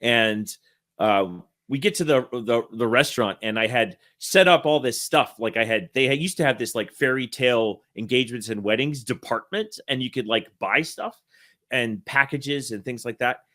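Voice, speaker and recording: A man's voice: medium pitch, expressive, moderate pace, pushed and bright. A man in his thirties, a guest in an interview, telling a long anecdote casually, correcting himself and laughing as he goes. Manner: rambling, self-correcting, laughs while telling. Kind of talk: casual storytelling.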